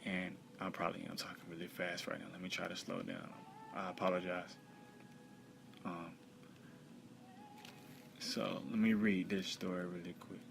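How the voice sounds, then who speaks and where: A man teaching from the bible in a conversational way, with many fillers, reading scripture slowly and loudly. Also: low voice, level tone, vocal fry, noisy background.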